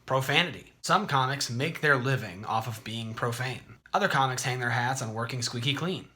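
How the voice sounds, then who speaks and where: Bright-voiced man explaining comedy. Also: mid-range voice, moderate pace. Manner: conversational, clear explaining. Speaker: host. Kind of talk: explanatory video narration.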